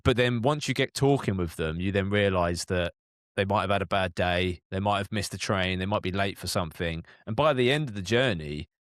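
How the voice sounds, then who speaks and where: A low-voiced man muses about handling passengers in a relaxed podcast chat. He talks in loose, thoughtful sentences, full of casual fillers. The recording is close and dry. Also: brisk, no room sound. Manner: reflective, lots of "like" fillers. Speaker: London cab driver, co-host.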